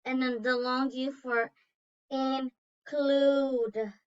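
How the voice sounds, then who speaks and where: A woman's voice: sits high, fairly even intonation, clean tone. A woman teacher giving a lesson, reading aloud and carefully sounding out syllables and vowel sounds. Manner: slow, deliberate, sounding out words. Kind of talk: online phonics lesson. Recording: dull lo-fi recording.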